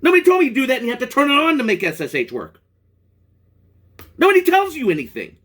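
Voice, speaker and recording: A man's voice: extremely high pitch, wildly swooping pitch, racing, a bit bright. A man in a profane, rambling vlog rant about a product, angry and restarting often. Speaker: product reviewer. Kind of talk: ranting vlog.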